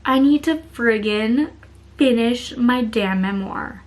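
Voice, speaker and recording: A woman's voice: on the high side, takes it slowly, a little mellow. A thirty-year-old woman chatting candidly in a casual vlog, swearing now and then. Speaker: vlogger.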